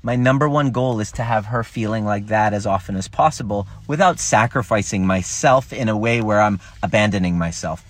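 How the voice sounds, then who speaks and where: Man, lower pitch, casual live-stream coach, animated and swears freely. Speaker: relationship coach. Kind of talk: casual Facebook Live talk.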